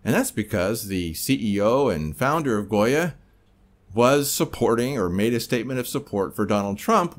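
A man hosting a commentary podcast, talking in a conversational, editorializing way. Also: on the low side. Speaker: podcast host.

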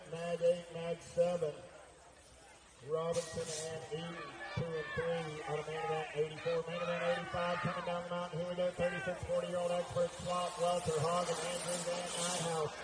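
A man with a high, fairly level voice calls a race live in a rapid-fire run of names and positions. His voice comes through loudspeakers, heard from a distance with a strong echo. Clear outdoor noise sits underneath it. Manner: rapid-fire call of riders, rising excitement at finishes. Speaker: race announcer. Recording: echoey loudspeaker heard from far off.

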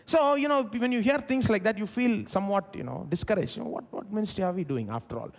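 Man, pastor, Indian English accent, high voice, very lively pitch, live church sermon. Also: fast, few pauses. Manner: animated preaching with big swings between loud emphasis and quiet asides. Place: church service.

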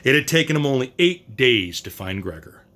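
A man reads a short story aloud at an even pace, with a lot of movement in his pitch. The delivery is plain, with the odd stumble and restart. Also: normal speed. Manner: plain reading with occasional slips and restarts. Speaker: story reader.

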